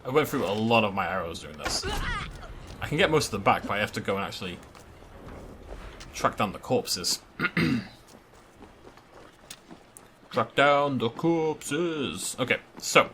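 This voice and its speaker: A man's voice: on the low side, expressive, a little fast, pauses often, pushed and bright, slight background noise. A man chatting and joking as he plays through a video game, thinking aloud as he goes. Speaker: gaming YouTuber. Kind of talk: let's play commentary.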